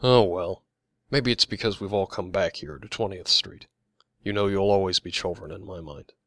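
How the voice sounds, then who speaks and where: A man's voice: deep voice, moderate pace, a bit bright, no room sound, studio quality. A man voicing a scolding, motherly middle-aged woman who complains about the young people. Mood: scolding, wistful. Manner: complaining, fussy.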